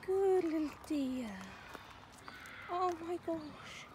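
A woman's voice: very high-pitched, takes it slowly, a crowd in the background, background noise. A woman vlogging outdoors at a wildlife park, gushing and cooing at the animals in baby talk. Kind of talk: casual vlog commentary.

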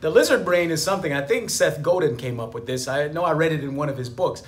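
A man's voice: on the high side, lively intonation, fast talker. A man, a business attorney, giving a motivational talk to camera, emphatic and fond of repeating his key phrases.

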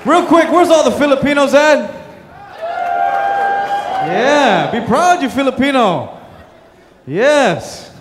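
A man's voice: extremely high pitch, expressive, takes it slowly, pauses often, very noisy. A man emceeing a live comedy show, pumping up the crowd between jokes. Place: hotel showroom stage. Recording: reverberant hall with crowd.

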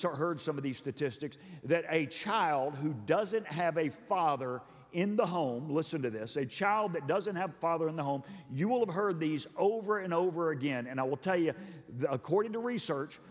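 A man's voice: on the high side, expressive, moderate pace. A middle-aged male pastor preaching a sermon in a church hall, earnest and emphatic, repeating phrases for effect. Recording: long reverb of a large hall.

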